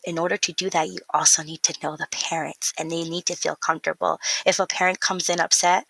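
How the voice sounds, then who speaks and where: A woman's voice: lowish voice, fairly quick, gravelly, hardly any pauses, no echo, rough recording. A young woman, an early childhood educator, telling stories casually in an interview and acting out the voices of people she quotes. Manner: animated storyteller, acts out quotes.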